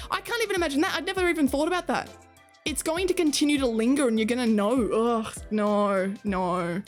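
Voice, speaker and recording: A woman streaming, chatting with her viewers in a casual way, laughing often and swearing casually. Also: fairly high pitch. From Australia. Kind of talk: casual chat reading stream chat.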